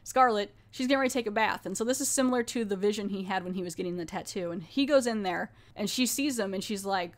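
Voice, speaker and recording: A woman's voice: mid-range voice, fast talker, hardly any pauses. A woman hosting a podcast, casually recapping a TV horror episode in a rambling, conversational way, with lots of "like". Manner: rambling, filler-heavy, conversational. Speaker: podcast host.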